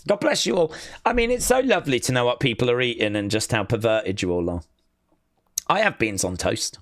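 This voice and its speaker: A man's voice: mid-range voice, a bit bright, no echo, clean studio sound. A British man hosting a live stream, reading out viewer comments and bantering with them in a teasing, mock-outraged way. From Britain. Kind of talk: casual watch-along chat reading viewer comments.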